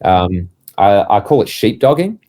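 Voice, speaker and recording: Guy, low register, casual co-host, animated anecdotes with acted-out quotes. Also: measured pace. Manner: animated storyteller, acts out quoted voices. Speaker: podcast co-host, touring musician. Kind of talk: casual chat.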